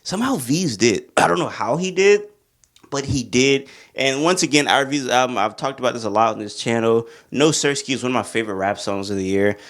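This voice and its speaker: A man ranking his favorite albums in a casual vlog, excitable and rambling, full of slang. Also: medium pitch, brisk. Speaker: music reviewer.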